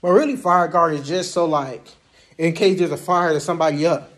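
A man's voice: a little high, steady tone, brisk, fairly bright tone. A young man casually telling a story to the camera in a slangy, laid-back way, often tossing in words like "man" and "bruh". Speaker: vlogger recounting Army basic training.

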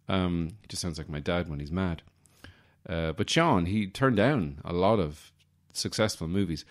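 An unhurried man with a very deep, low voice hosts a comedy podcast, rambling across assorted asides. His humor is wry and self-deprecating, and he keeps catching himself and setting the record straight.

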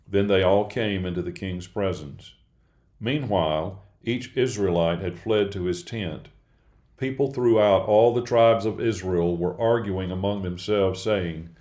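A man reading a Bible passage aloud in a steady, measured way. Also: sits low. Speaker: scripture reader.

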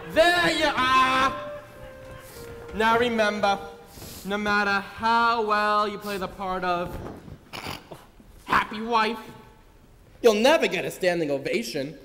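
A man doing a brash, bright-voiced producer. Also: sits high, takes it slowly, pauses often, faint music behind, heavily acted. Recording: reverberant stage sound.

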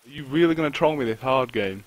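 A man's voice: medium pitch, expressive, quick pace, no room sound, poor audio. A man talking to himself while live-streaming a survival game, swearing often and griping at the game. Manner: swears a lot, talks to himself and the game, frustrated outbursts. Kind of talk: live gameplay commentary.

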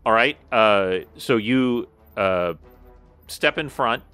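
A man narrating a tabletop game as game master, relaxed and full of fillers and restarts. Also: medium pitch, slow, smooth, dry recording, soft background music.

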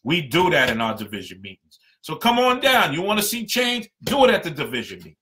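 A man's voice: medium pitch, wildly swooping pitch, quick pace, bright, forceful tone. A man giving a passionate, emphatic live-stream talk to union members as their representative.

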